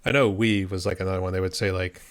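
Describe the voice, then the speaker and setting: Deep-voiced man hosting. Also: quick pace, dry recording. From Pittsburgh, USA. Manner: relaxed, curious questions. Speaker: podcast host. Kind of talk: casual interview chat.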